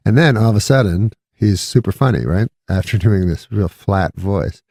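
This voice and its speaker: Very low gravelly guy, storyteller who does the voices, dry close mic. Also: animated, normal speed, a little mellow, no room sound. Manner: acts out quoted voices, laughs mid-story. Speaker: comedian telling a story. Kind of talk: casual storytelling.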